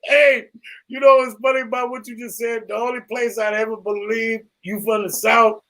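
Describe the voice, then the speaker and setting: A man's voice: very high-pitched, little pitch movement, normal speed, pushed and bright. A man hosting a casual interview, mostly chiming in with short agreements and banter. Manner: chimes in with short agreements, laughs along. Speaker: podcast host.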